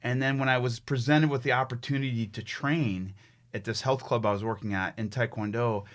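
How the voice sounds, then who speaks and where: This middle-aged American man, a fitness trainer guesting on a podcast, speaks fairly quickly in a medium-pitched, steady tone. He recounts a story animatedly and with emphasis, frequently starting over mid-thought.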